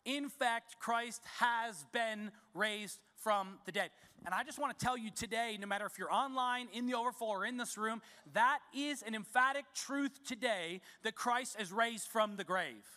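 High, bright-voiced emphatic male pastor. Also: moderate pace, in a large hall. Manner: emphatic, repeats key words for stress. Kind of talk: sermon. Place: church sanctuary.

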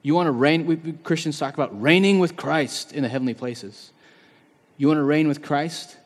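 A man in his thirties preaching a sermon in a conversational, animated way, acting out the quotes he tells. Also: on the high side. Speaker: pastor. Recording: long reverb of a large hall.

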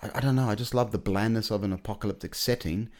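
A man with a very deep, low-pitched voice chats casually on a podcast. He rambles with enthusiasm, stacking fillers and restarting his sentences as he goes. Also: quick pace, a little mellow. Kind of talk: casual chat.

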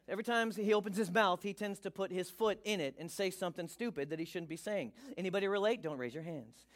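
A male pastor giving a sermon, reading scripture and joking with the congregation in a lively way. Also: high-pitched.

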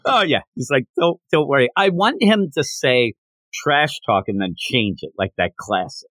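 A man's voice: medium pitch, sing-song, unhurried, fairly bright tone, no room sound. A man hosting a podcast, chatting casually and animatedly as he retells comic scenes. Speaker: podcast host. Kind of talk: casual chat reviewing a comic.

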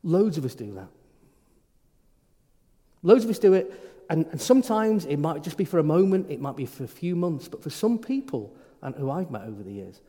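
Preaching casually in an echoing hall, this middle-aged priest talks conversationally and frequently stammers and starts over. His pitch sits fairly high with big swings, his pace is normal, and his tone is warm.

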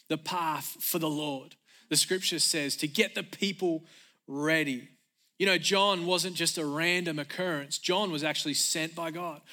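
Pastor, male, high bright voice, emphatic energetic sermon delivery with repeated refrains.

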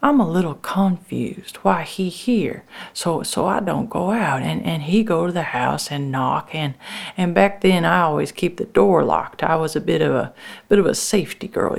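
A woman telling a first-person story in folksy rural dialect, with halting restarts. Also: sits low, creaky.

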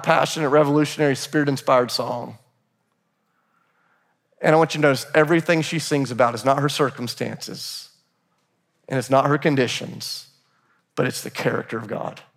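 A man's voice: on the high side, steady tone, normal speed, vocal fry, long pauses, fairly bright tone. A man preaching a sermon as pastor, emphatic and repeating phrases as he builds a point. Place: church sanctuary. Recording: long hall reverb.

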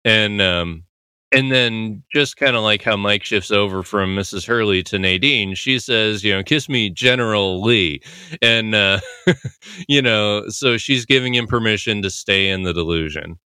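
A man with a low, smooth, resonant voice talks through a TV scene in a loose, rambling style, leaning on filler words. His tone is bright and forceful. The recording is dry and close. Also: a little slow, no room sound. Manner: rambling, heavy "you know" fillers, laughs often. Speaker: podcast host analyzing a TV episode. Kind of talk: casual commentary.

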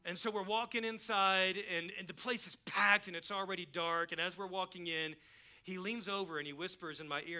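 A middle-aged pastor delivers a sermon in a church with a high, bright, ringing voice. He preaches like he is chatting, telling stories and playing out both sides of a conversation. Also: steady tone, a little fast. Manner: conversational storytelling preacher, acts out dialogue. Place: church sanctuary.

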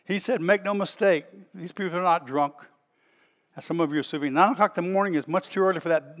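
A man's voice: high voice, fast, fairly bright tone. A man preaching a sermon, reading scripture aloud and commenting on it with emphatic repetition. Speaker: pastor.

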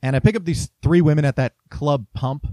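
A man's voice: a little high, a little fast, mellow, no echo. A man casually chatting and telling a story as a podcast host, laughing often. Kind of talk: casual chat.

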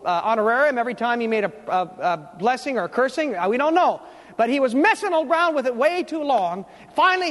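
A man's voice: high-pitched, in a large hall. A man preaching a sermon, telling a Bible story and acting out what its people say, now and then asking his congregation questions. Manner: storytelling preacher, acts out biblical quotes, asks the congregation questions. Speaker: pastor.

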